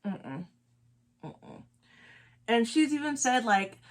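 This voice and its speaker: In a sing-song voice on the high side, a California beauty vlogger from Los Angeles chats while applying makeup, pressing and repeating her points. Her pace is moderate and her tone fairly bright.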